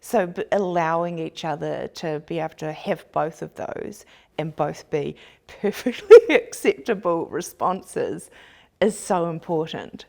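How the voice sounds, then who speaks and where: A woman's voice: deep voice, unhurried, vocal fry, darkish tone. A woman hosting a podcast, talking in an earnest, reflective way during a casual chat. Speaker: podcast host.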